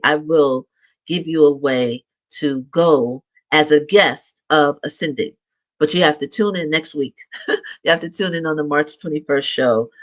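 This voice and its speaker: A man's voice: a little high, fairly bright tone, rough recording. A middle-aged man hosting a live show, chatting casually and upbeat as he makes announcements. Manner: chatty and upbeat, with light laughs and restarts. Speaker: show host.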